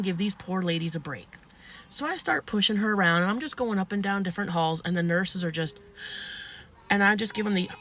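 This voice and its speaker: A woman who works as a home health aide telling a comic story, animated, blunt and salty. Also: medium pitch, a little hiss or hum.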